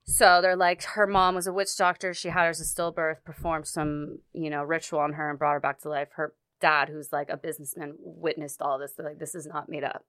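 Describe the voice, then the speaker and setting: A woman telling a personal story in casual conversation, halting often, with many fillers and restarts. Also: deep voice, level tone, fairly bright tone, clean tone, no room sound. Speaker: guest recounting a personal story.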